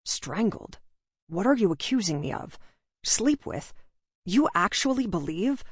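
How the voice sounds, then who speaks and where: A woman voices a gruff male detective in an audiobook, curt and demanding, with a low, dry voice. He snaps out short orders and pushes hard for answers. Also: moderate pace, no echo, lightly acted. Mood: angry.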